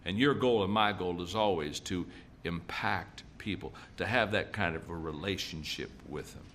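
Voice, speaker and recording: A man's voice: low voice, moderate pace, a bit bright, slight background noise. A middle-aged man giving a leadership seminar talk, telling folksy stories and repeating his points for emphasis. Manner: folksy storytelling, emphatic repetition. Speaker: leadership speaker.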